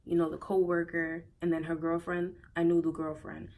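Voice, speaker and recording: A woman's voice: fairly low pitch, monotone, moderate pace, darkish tone, rough recording. A young woman telling a personal storytime in a casual, slangy way, emotional and close to tears, often repeating herself. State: near tears. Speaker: vlogger.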